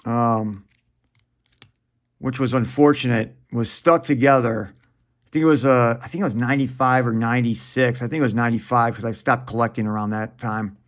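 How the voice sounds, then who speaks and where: A man's voice: medium pitch, fairly even intonation, normal speed. A man in his forties chatting casually while opening trading card packs, rambling and profane, chuckling often.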